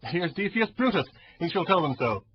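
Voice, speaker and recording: A man's voice: high voice, sing-song, normal speed. A man playing a proud, defiant Roman ruler in a Shakespeare audio drama, declaiming grand verse. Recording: dull lo-fi audio under music.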